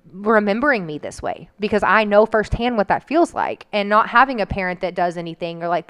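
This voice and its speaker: A woman's voice: lowish voice, fairly bright tone, smooth. A woman telling a personal story in casual chat, candid and emotional, with frequent "like" fillers.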